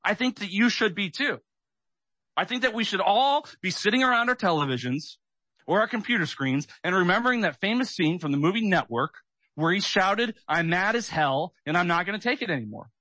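A man's voice: high voice, animated, brisk, bright, forceful tone, dry recording. Guy hosting talk radio, all fired up and sarcastic, tense punchy voice, dry mic. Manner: agitated, sarcastic, keyed up.

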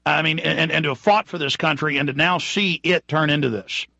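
Radio host, male, forceful and indignant monologue, muffled dry studio recording. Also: fairly high pitch, steady tone, brisk, gravelly, no echo. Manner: emphatic, indignant ranting.

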